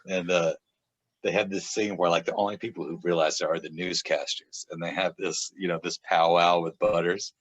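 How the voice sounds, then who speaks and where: Deep-voiced rambling man, lo-fi. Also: fairly even intonation, normal speed, no echo. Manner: rambling, laughing storyteller with many restarts. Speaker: author guest. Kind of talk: casual podcast chat. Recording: dull, dry lo-fi sound.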